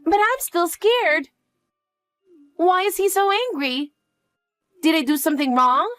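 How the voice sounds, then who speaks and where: Woman voicing a timid storybook girl; high, lively pleading, dry read over faint music. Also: unhurried, no room sound, full character voice. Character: timid clingy little girl, frightened.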